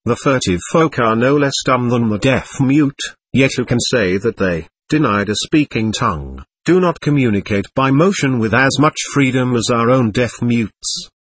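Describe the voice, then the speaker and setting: A man narrating a book in a measured, reflective reading style. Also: medium pitch, expressive, fairly bright tone, husky. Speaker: audiobook narrator. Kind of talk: scripted narration.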